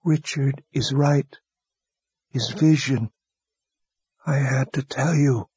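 Audiobook role: male narrator doing a tender dying young man, breathy and hushed. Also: mid-range voice, slow pace, no echo, voice pushed up. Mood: faint, tender. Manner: breathy whisper. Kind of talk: audiobook character voice.

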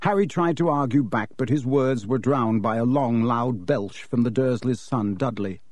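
In this scripted audiobook narration, a mid-range male voice relates the story with measured expressiveness, captured in a dry recording.

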